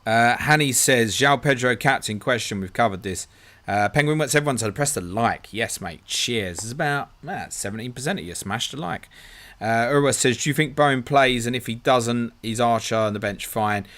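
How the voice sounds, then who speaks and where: Reading viewer messages aloud on his live stream, a man answers their questions in a casual, chatty way and addresses people as "mate." He speaks at medium pitch and a moderate pace, with a fairly bright tone.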